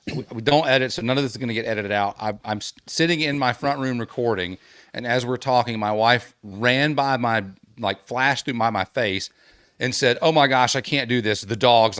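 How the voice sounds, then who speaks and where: A man co-hosting a podcast from his front room at home, laid-back and quick to laugh. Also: medium pitch, fairly bright tone, no room sound, clean studio sound. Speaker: podcast co-host. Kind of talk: casual podcast chat.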